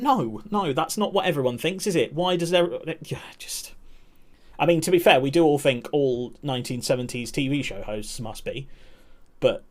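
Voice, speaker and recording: A man's voice: on the high side, moderate pace. A young man chatting candidly and rambling on a live stream, swearing and laughing often. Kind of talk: casual chat.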